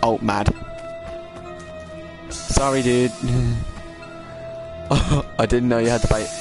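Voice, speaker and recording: A young man commentating live over a multiplayer game, excitable and swearing, his voice jumping high when startled. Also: slow pace, over music. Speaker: gaming YouTuber.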